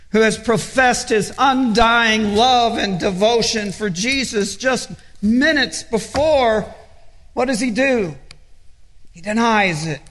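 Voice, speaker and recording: A man with a high voice preaches at an unhurried pace. He retells the story with earnest feeling and acts out each quote. His voice rings out with a long reverb, as in a large hall. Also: bright, forceful tone. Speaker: pastor. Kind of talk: children's sermon.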